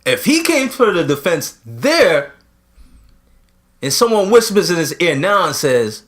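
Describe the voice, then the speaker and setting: A man co-hosting a podcast in casual chat, posing drawn-out rhetorical questions. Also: high-pitched, big pitch swings, a bit bright. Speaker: podcast co-host.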